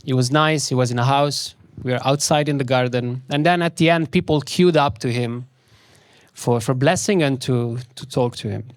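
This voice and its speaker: A man giving a spiritual talk, telling a story slowly and with emphasis, repeating key words. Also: medium pitch, smooth, no echo, clean studio sound.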